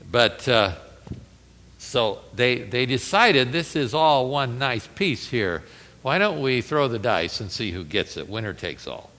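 A man's voice: medium pitch, a bit bright, in a large hall. A man preaching a conversational Bible sermon, reading scripture aloud with rising intensity.

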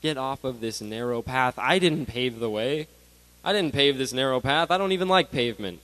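A man voicing God as a calm, fatherly presence, speaking gently and a little lower than his own talk. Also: moderate pace, big-room sound, natural voice, low-quality recording. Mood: coaxing.

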